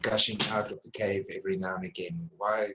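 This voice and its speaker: A man's voice: low-pitched, fairly even intonation, a little fast. A man playing a tabletop game, asking curious, questioning things in casual chat over a noisy home mic. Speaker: player.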